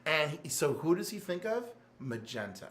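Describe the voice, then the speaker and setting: A man co-hosting a casual comics podcast, retelling scenes with excited storytelling and quick jumps into character voices. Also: on the high side. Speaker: podcast co-host reviewing comics. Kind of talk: animated casual chat, acting out scenes. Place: game store.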